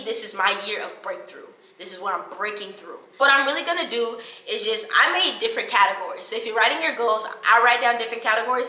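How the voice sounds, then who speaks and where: Bright-voiced chatty young woman vlogger. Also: medium pitch, reverberant. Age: 20s. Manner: chatty and animated, addresses viewers as y'all. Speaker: college student vlogger and podcaster. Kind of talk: casual vlog talking to camera.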